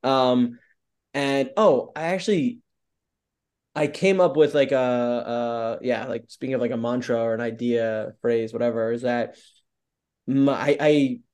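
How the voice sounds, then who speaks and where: Chatty upbeat man, mid-pitched, podcast guest. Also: steady tone, unhurried, a little mellow, clean tone. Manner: upbeat, open storyteller who leans on "like" a lot. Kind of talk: casual interview chat.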